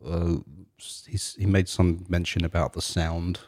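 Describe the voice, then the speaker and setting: A man with a very low voice co-hosting a casual music podcast. He chats in an easygoing way and keeps chiming in with quick agreements while his partner talks. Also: little pitch movement, a little mellow. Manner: easygoing, frequent short agreements. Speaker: podcast co-host.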